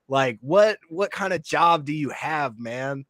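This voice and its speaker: A man's voice: on the high side, lively intonation, slow pace, a bit bright, dry recording, clean studio sound. A man co-hosting a casual talk show, blunt and incredulous, laughing often as he argues. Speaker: co-host. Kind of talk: casual debate chat.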